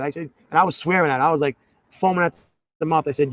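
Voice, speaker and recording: Man in an interview, rapid storytelling, quoting people with jokes, dry mic. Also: on the high side, no room sound. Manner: animated, quotes dialogue with mocking jokes. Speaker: former state representative.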